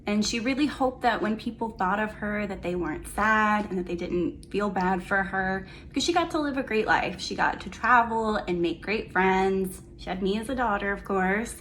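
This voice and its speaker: A young woman giving a memorial tribute to her mother, fond and reminiscing with gentle humor. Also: medium pitch, moderate pace, hardly any pauses, a little hiss or hum, low-quality recording.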